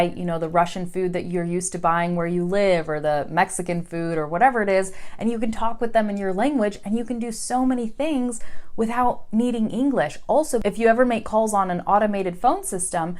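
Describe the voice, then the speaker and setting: An American woman in her thirties, an English teacher giving a casual video lesson to learners, chatty and animated, acting out quoted voices. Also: mid-range voice. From United States.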